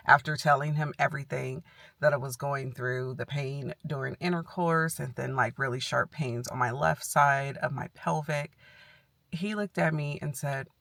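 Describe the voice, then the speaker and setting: Candid woman telling her story, bright voice. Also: low-pitched, creaky, no room sound. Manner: candid and animated, retelling with quoted dialogue. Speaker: health vlogger. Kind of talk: casual storytelling vlog.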